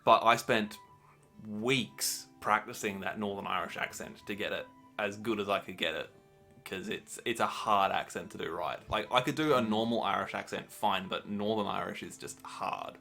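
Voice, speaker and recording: A man's voice: lowish voice, moderate pace, gravelly, bright, forceful tone, soft background music. A man acting as game master, chatting casually about the campaign with frequent ums.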